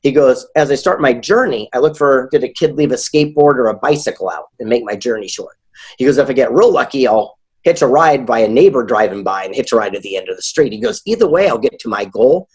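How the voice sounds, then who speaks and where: A man being interviewed as a guest author and speaker, telling stories in a lively way and acting out the dialogue he quotes. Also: mid-range voice, quick pace, husky. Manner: animated, acts out quoted dialogue. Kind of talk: casual interview storytelling.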